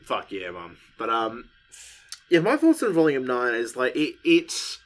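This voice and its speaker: A young man co-hosting a casual podcast, rambling, animated and swearing freely as he talks. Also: mid-range voice, a little slow. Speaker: podcast co-host.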